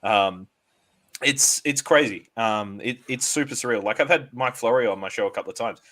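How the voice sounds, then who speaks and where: A man as a guest in a casual interview chat, relaxed and hesitant, with many fillers. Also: medium pitch, moderate pace.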